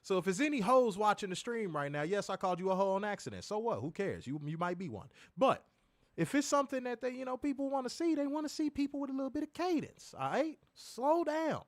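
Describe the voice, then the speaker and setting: A man's voice: high-pitched, quick pace, no echo, studio quality. A man co-hosting a wrestling review podcast, talking casually with lots of profanity, jokes and teasing. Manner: profane, animated, joking, teasing. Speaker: wrestling show co-host.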